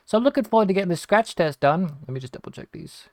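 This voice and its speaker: A man's voice: on the high side, expressive, quick pace, hardly any pauses, darkish tone, no room sound, clean studio sound. An Australian man, a gaming streamer, telling rambling stories while he plays, swearing casually and acting out what people said. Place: home room converted from a shed.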